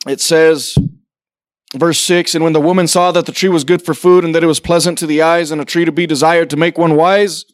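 Fiery high-voiced man preaching a sermon. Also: no echo, studio quality. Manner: impassioned, climbing to near-shouts; preaches with rhetorical questions and acted-out dialogue. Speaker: pastor. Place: church sanctuary.

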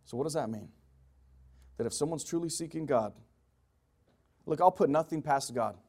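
High-voiced man preaching with emphatic swings. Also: moderate pace. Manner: emphatic, swinging from loud pleading to low quiet asides. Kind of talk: sermon.

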